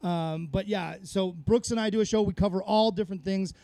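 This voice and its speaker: A man's voice: sits high, fairly even intonation, a little fast, warm tone, no room sound. A man, a podcast guest, telling rambling, profane stories in a casual chat on a close mic. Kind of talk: casual conversational storytelling.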